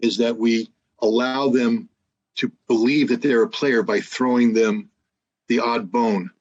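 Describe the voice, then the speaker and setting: A man's voice: medium pitch, fairly even intonation, measured pace, darkish tone, lo-fi sound. A man telling stories in casual conversation, emphatic, with frequent restarts. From United States. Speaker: guest, former weapons inspector.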